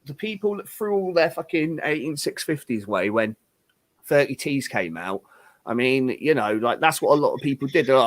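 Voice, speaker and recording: A man's voice: medium pitch, lively intonation, normal speed, no echo. A man chatting casually as a regular on a panel show, rambling and swearing with lots of filler words. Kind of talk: casual banter.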